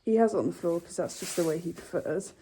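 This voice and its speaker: A woman's voice: on the low side, fast talker, slight background noise. A young woman chatting casually to camera in a stable yard, cooing to her horses between remarks. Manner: talks softly, coos to her horses. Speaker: equestrian vlogger. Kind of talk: casual vlog chat.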